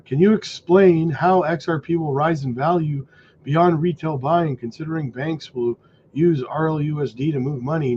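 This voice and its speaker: A man hosting a crypto livestream, hoarse from losing his voice, talking emphatically and asking "okay?" and "right?" as he warns viewers. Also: on the high side, a little mellow, highs cut off, slight background noise. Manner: emphatic, warning, says "okay?" and "right?" often. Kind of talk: casual livestream commentary.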